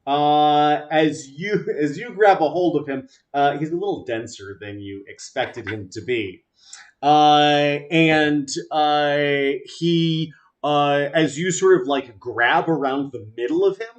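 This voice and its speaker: A man narrating as game master of a tabletop game, halting and full of filler sounds. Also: a little high.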